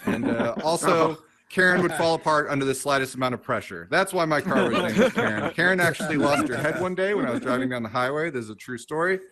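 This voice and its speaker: A man in his thirties performing a stand-up set on a comedy club stage, with dry, self-mocking jokes and quick asides to the crowd. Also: fairly high pitch, expressive, low-quality recording. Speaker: stand-up comedian hosting the show.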